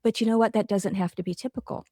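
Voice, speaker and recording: Middle-aged woman guest, mellow gravelly voice, earnest and reflective, interview chat. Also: mid-range voice, steady tone, quick pace, no room sound, studio quality. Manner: earnest, reflective, talks through examples. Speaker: guest author. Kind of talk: casual interview conversation.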